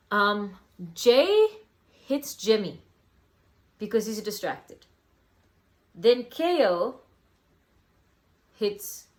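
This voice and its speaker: A young woman casually reviewing a wrestling event, rambling with lots of fillers and self-corrections. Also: on the low side. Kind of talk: casual solo review vlog.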